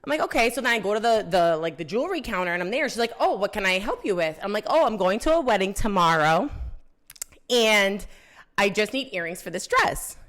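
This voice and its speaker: A woman's voice: mid-range voice, a little fast. A young adult woman co-hosting a podcast, telling a story in casual chat and acting out the quotes with a lot of drama. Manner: animated, dramatic retelling with acted quotes. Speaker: podcast co-host.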